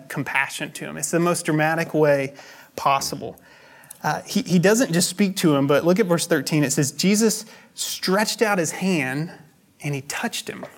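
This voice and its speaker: A man preaching a sermon as pastor, explaining scripture in a conversational, teaching way. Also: on the high side.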